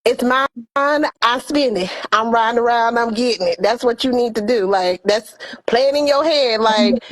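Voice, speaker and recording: A woman co-hosting a casual talk show, telling stories and giving heartfelt advice in an expressive, animated way. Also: a little high, a little slow. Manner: expressive, animated storytelling with quoted dialogue. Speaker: co-host.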